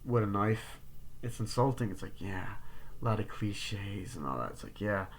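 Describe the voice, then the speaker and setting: Excitable swearing man reviewing a movie. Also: lowish voice, normal speed, slight background noise. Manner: excitable, profane, acts out the scenes in voices.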